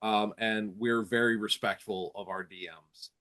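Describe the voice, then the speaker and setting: A man's voice: lowish voice, fairly even intonation, normal speed, sharp tone. A man hosting a podcast and chatting casually with friends, teasing them and laughing often. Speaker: podcast host. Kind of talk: casual chat.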